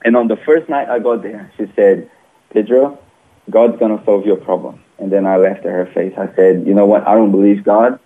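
A man from Brazil, telling his personal testimony in an earnest, animated way with small grammar slips. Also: lowish voice, normal speed. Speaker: interview guest. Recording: tinny phone line.

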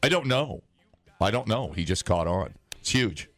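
A man's voice: on the low side, expressive, normal speed, fairly bright tone, dry recording. A man co-hosting a casual chat over beers, rambling and joking, often trailing off mid-sentence. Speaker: podcast co-host.

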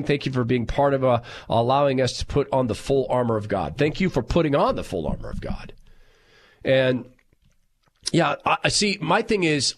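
A middle-aged man hosting talk radio with a husky, slightly rough voice. His pitch swings widely as he tells stories and reacts to listener messages in a loud, animated way. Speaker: radio talk show host. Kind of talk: talk radio monologue reading listener texts.

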